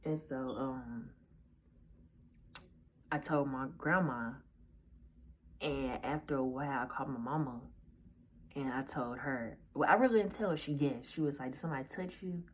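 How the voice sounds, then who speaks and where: A nineteen-year-old woman telling a personal story in a casual, halting way, often restarting her sentences. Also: rumbling low, husky. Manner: halting, hesitant, with many restarts; casual, informal speech. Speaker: vlogger.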